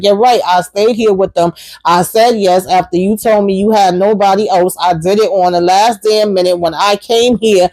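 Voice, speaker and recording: A woman hosting a casual TV episode recap, talking in an animated, sassy way and swearing offhandedly. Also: mid-range voice, no room sound, low-quality recording.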